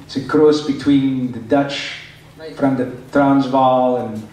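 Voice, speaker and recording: A man's voice: medium pitch, steady tone, slow pace, a little mellow. A middle-aged man from Michigan, a voice actor chatting and joking with fans at a convention panel Q&A. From Michigan, USA. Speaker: voice actor guest answering fan questions. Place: large convention hall. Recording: echoey hall, picked up from far off.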